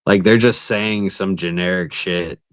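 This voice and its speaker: A man's voice: deep voice, steady tone, a little slow, a bit bright, dry recording. A man co-hosting a casual live stream, laid-back and blunt, swearing casually as he talks. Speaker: co-host.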